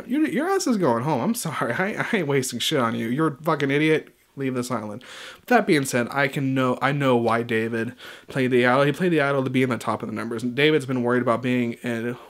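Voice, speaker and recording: A man recapping and reviewing a TV episode in a casual, heated style, swearing freely and imitating the people he talks about. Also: mid-range voice. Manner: animated mimicking of others.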